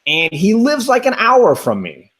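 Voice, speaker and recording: A man's voice: sits high, wildly swooping pitch, unhurried, a bit bright. A man hosting a casual chat, talking enthusiastically and restarting his sentences a lot. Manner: enthusiastic, rambling, frequent restarts. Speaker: host.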